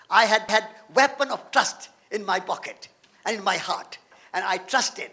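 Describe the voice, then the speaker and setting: A man's voice: sits high, measured pace, bright, forceful tone. A man from India, giving a storytelling lecture as a guest speaker and stacking up emphatic repeated phrases. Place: lecture hall.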